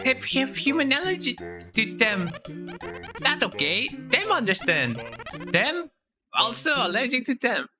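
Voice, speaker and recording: A tiny, childlike creature chirps in a squeaky, hyper-cheerful voice. The pitch shoots far above a normal speaking voice, and the grammar comes out broken and sweet, like a video game shopkeeper. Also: male voice, big pitch swings, a little slow, long pauses, music in the background, exaggerated voice.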